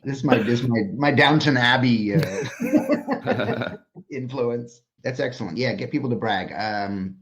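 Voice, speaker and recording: A man who is a designer and author, talking as a podcast guest. He tells stories in an animated way and swears freely. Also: medium pitch, a little slow. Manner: animated, profane storyteller. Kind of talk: casual podcast conversation. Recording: slightly dull lo-fi audio.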